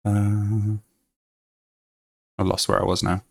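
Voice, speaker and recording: A Yorkshire-accented man chats casually on a game live stream, reading notes aloud with many fillers. His voice is fairly low and monotone, slow-paced, with vocal fry.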